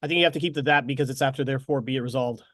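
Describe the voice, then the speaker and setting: A man's voice: mid-range voice, very fast, fairly bright tone, no room sound, clean studio sound. Apologetic man running a meeting. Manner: apologetic, hesitant.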